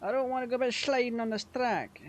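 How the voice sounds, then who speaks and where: Sweary man narrating his racing game. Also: very high-pitched. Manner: sweary, quick to rage at the game. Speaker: gaming channel host. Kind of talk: casual gameplay commentary.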